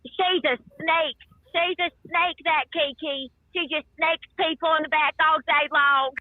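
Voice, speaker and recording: Mocking impression: woman putting on a high, slow Southern drawl, sneering, over a tinny phone line. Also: steady tone, no echo. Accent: put-on Southern US drawl.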